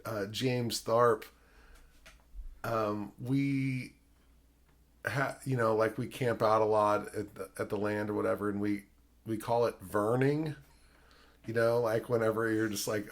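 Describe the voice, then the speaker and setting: A man's voice: medium pitch, unhurried. Guy hosting a podcast, talks about movies super casually, lots of ums and f-words. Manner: rambling, swears often, lots of fillers; acts out quotes in animated voices. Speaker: podcast host. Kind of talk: casual film discussion.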